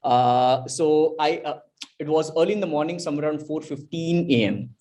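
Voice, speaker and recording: A man from India, a podcast guest, telling stories in an emphatic, animated way over a video call. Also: a little high, normal speed. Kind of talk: casual podcast storytelling.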